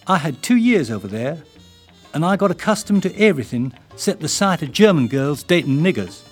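Older Englishman's take on a bigoted Southern airman, put-on drawl, pitched up, blunt delivery. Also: very animated, fairly quick, husky, soft background music. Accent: put-on American Southern, English-tinged.

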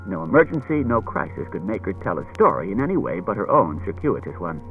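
A man narrating an audiobook in a steady storytelling manner, on a dull lo-fi recording. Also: deep voice, a little fast, hardly any pauses, faint music behind. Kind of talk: audiobook reading.

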